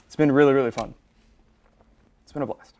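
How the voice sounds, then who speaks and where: A man's voice: medium pitch, fairly even intonation, brisk, a little mellow. A young man, a graduating student on a sports show, giving an impromptu farewell while trying not to cry. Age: young adult. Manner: emotional, fighting back tears.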